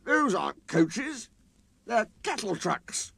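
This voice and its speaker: A grumpy, conceited steam engine that sulks and complains in a haughty, pitched-up voice, as a man reading the story puts him on. He talks with a lively, bouncing lilt that swings from sulky mutters to indignant snorts. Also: slow, gravelly, husky, no echo, heavily acted.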